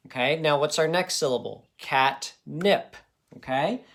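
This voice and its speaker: Slow, patient male phonics teacher. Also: a little high, animated, gravelly, fairly bright tone. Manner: patient, encouraging, checks in with frequent okays. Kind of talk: phonics lesson.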